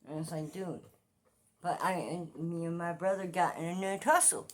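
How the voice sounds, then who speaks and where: Mujer de cuarenta años, comentarista malhablada. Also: female voice, low voice, normal speed. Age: 40s. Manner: profane, repetitive, animated with loud outbursts. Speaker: commentary vlogger. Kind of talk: casual ranting commentary.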